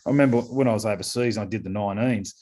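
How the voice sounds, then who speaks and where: Australian man, middle-aged, low voice, rambling podcast guest, lots of fillers. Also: rapid-fire, a little mellow. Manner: rambling, repeats words, many fillers. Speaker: guest, scrum coach. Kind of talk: casual podcast interview.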